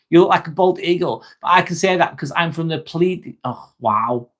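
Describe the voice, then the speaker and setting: A man with a fairly high, fairly bright voice speaks at a moderate pace. He's the host of a casual livestream who reads his chat and answers viewers directly, chatty and full of jokes and swearing.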